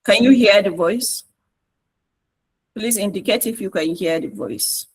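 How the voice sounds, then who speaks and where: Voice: medium pitch, unhurried, a little hiss or hum, low-quality recording. A trainer with a Nigerian English accent gives a step-by-step online tutorial, repeating points and checking that listeners follow. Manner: repetitive, coaxing instruction with frequent checks on listeners.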